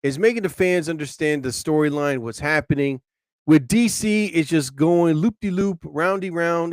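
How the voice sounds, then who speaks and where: A man hosting a casual live stream, rambling excitably and breaking into frustrated, swearing outbursts. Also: fairly high pitch, moderate pace, no room sound, clean studio sound. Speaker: live show host.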